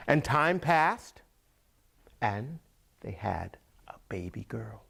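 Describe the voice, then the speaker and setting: A man's voice: mid-range voice, sing-song, gravelly, fairly bright tone, slightly rough. A man telling a folk tale to listeners, drawing out phrases, repeating words and dropping to whispers. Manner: drawn-out, repetitive, dips into whispers. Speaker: storyteller.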